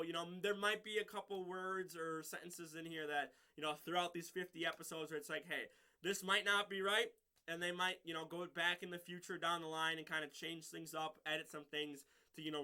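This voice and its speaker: A man's voice: fairly high pitch, pushed and bright, clear, resonant tone. A man giving a casual, rambling solo review of a show episode, with lots of fillers and frequent laughs.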